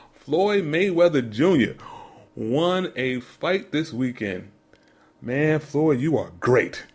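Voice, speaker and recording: A man co-hosting a sports podcast, ranting in a mocking, incredulous way about commercials. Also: medium pitch. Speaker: podcast co-host. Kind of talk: casual sports commentary rant.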